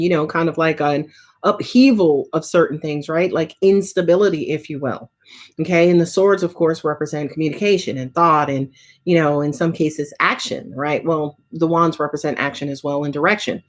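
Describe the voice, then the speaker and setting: Woman, slightly low voice, loose livestream tarot reader who swears freely. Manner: casual, chatty, swears often, frequent "right?" and "um". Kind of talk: live tarot reading with viewer questions.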